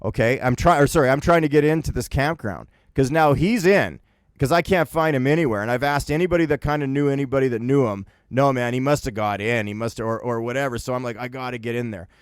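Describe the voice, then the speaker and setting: A man from Winnipeg telling a rambling story on a podcast, casual and animated, laughing as he acts out what his friends said. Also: medium pitch, quick pace, clean tone, no room sound, studio quality. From Winnipeg, Canada.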